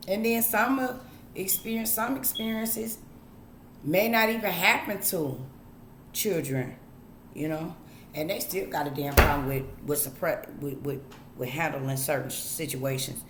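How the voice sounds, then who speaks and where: A woman speaks in a low, unhurried drawl, lecturing her audience bluntly and swearing freely. Her voice rings in an echoey room with a faint hiss behind it. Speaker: vlogger. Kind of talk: casual monologue to camera.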